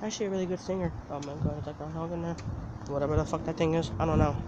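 A man casually telling a story for his vlog outdoors, animated and laughing, swearing now and then. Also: on the high side, very fast, muffled recording. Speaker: vlogger. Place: outdoors, walking in the open. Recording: outdoor noise from traffic.

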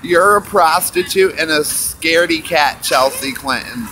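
High-voiced man ranting profanely outdoors. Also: unhurried, bright, forceful tone, a little hiss or hum. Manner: angry, profane, repetitive taunting. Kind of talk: profane street rant to camera. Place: outdoors on a busy city street.

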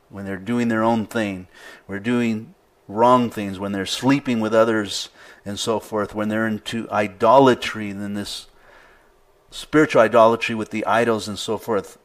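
A male pastor preaching a sermon in an easygoing conversational way, reading scripture aloud with rising emphasis. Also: on the low side.

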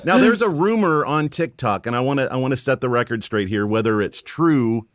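Man, podcast host, lively pitch, dry close sound, playful. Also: brisk, no echo. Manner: playful, laughs along. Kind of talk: casual interview.

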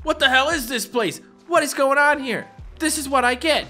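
A man voicing a frantic, squeaky-voiced dad in a video game, shouting in a very high, shrill voice. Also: expressive, normal speed, vocal fry, slightly rough, faint music behind, heavily acted. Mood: panicky. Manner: shrill, panicky.

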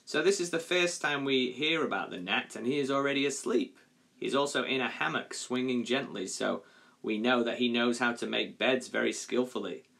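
A male primary school teacher reading a story aloud to his class in a clear, measured way. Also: medium pitch, fairly bright tone.

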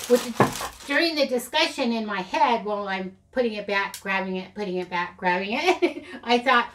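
A woman's voice: medium pitch, lively intonation, normal speed, background noise. A middle-aged woman, chatting casually and rambling through a craft haul video, often giggling at herself. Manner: rambling, giggly, self-deprecating. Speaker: craft channel host. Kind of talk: casual haul vlog chat.

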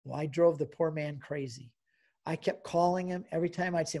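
A man's voice: on the high side, a little fast, vocal fry, mellow. A man in his sixties giving an emotional personal testimony as a guest speaker, telling his story and acting out the dialogue.

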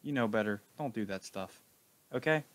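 A man giving mocking, deadpan sarcastic commentary over a video. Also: lowish voice, moderate pace, very noisy. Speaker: video reactor.

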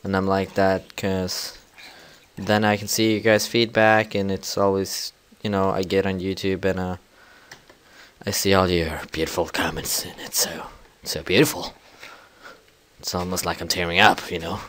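A young man giving rambling, casual let's-play commentary as a gaming channel host, full of fillers and breaking into sudden loud yells. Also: deep voice, little pitch movement, normal speed.

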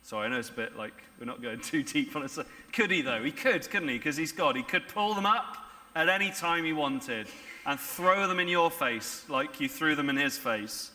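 A man's voice: fairly high pitch, expressive, moderate pace, sharp tone. A man preaching a sermon in a conversational way, often asking the congregation rhetorical questions. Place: church. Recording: church hall reverb.

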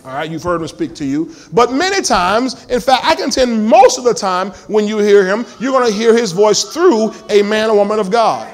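Guy preaching, real high voice, keeps asking the church "got it?". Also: lively intonation, moderate pace, few pauses. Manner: call-and-response, emphatic preaching, asks the congregation questions. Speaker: pastor. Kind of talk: sermon.

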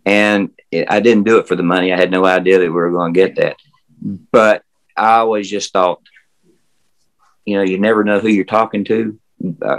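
An older man with a Southern US accent talks with a deep, low voice. He rambles along in a folksy way, full of fillers and restarts, as he tells stories from his working years over a video call. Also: rough recording. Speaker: interview guest, former historic house guide. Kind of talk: casual storytelling interview. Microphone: remote video call.

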